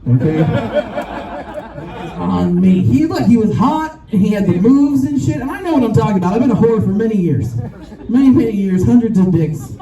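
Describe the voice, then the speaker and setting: A woman's voice: a little high, lively intonation, normal speed, warm tone. Middle-aged woman comic, profane and brash, live crowd audible, roomy echo. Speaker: stand-up comedian. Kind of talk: stand-up comedy set. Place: rooftop bar show with a live audience. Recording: echoey, distant mic, crowd noise.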